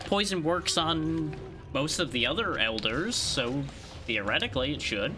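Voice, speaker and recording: A man's voice: a little high, lively intonation, measured pace, music in the background. A man chatting casually while streaming a game with friends, making dry, wry quips. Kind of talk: casual gaming chat.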